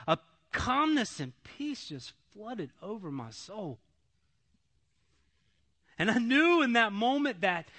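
A man giving an emotional testimony sermon, repeating phrases and swinging between loud, pleading passages and hushed ones. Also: high-pitched.

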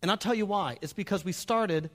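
A middle-aged man, a pastor, preaching a sermon, animated and humorous, acting out bits of dialogue and speaking straight to the congregation. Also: high voice, brisk. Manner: animated, acts out quoted dialogue; humorous, direct address to the audience.

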